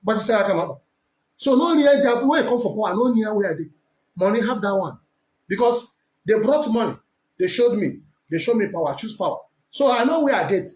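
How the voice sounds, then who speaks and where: A man with a Nigerian accent preaching forcefully as a prophet, switching between English, Pidgin and Igbo. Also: high voice. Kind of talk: preaching to camera. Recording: echoey room.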